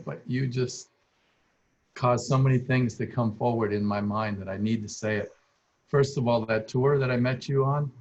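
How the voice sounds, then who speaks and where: A man's voice: mid-range voice, lo-fi sound. An older man, a landscape architect, sharing heartfelt stories as a guest speaker on a video call, tearful and rambling with many restarts. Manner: emotional, rambling, with frequent restarts. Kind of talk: heartfelt personal storytelling.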